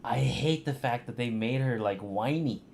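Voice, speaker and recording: A man streaming a game and commenting, ranting and swearing in an animated way. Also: medium pitch, moderate pace, vocal fry, a little hiss or hum. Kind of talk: let's play commentary.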